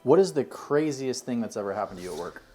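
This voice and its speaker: A man's voice: medium pitch, lively intonation, fast talker, a little mellow, soft background music. A man hosting an interview, asking his guest questions in an easygoing way.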